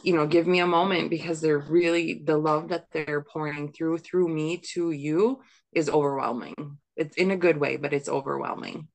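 A woman talking as a podcast guest in an easy conversational way. Her voice sits very low with a gravelly fry running through it. She speaks thoughtfully, pausing on "um" as she gathers her words. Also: fairly even intonation, rough recording. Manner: thoughtful, hesitant with "um". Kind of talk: casual chat.

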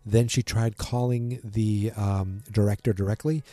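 A man's voice: on the low side, steady tone, unhurried, few pauses, warm tone, no echo. A man casually recapping a TV episode, rambling with lots of ums and restarts and acting out the characters' lines. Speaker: podcast host recapping a TV episode.

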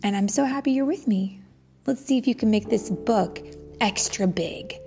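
A young mother reading a bedtime story to her child in a sing-song way, dropping into soft whispers. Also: on the high side, normal speed, music in the background.

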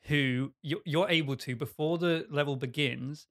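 A man hosting a podcast, pitching a game idea in a rambling, self-mocking way and laughing often. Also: normal speed, a bit bright. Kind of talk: casual chat.

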